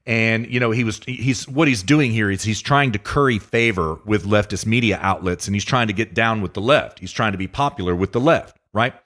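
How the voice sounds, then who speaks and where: A man's voice: fairly low pitch, fairly quick, hardly any pauses, fairly bright tone. Laid-back man hosting a podcast. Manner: laid-back, laughs often, says you know. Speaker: podcast host. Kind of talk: casual political podcast chat.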